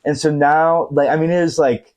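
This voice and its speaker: His voice sits a little high, with a darkish tone, fairly even intonation and normal speed. The speaker, a man in his thirties, is a podcast guest laughing his way through a funny anecdote, heavy on fillers, in a living-room recording.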